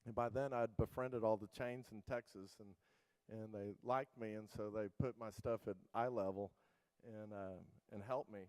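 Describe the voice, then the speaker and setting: A man's voice: fairly low pitch, fairly even intonation, moderate pace, darkish tone, no echo, rough recording. A middle-aged man giving a conference keynote, telling casual, rambling anecdotes full of fillers and restarts. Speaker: keynote speaker.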